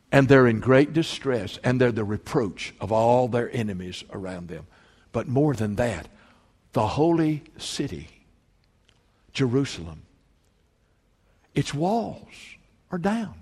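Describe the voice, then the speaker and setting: A man preaching a sermon as pastor, reading scripture aloud with fervent emphasis that swells to near-shouting. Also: mid-range voice, expressive, slow, pauses often, husky. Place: church sanctuary. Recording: long hall reverb.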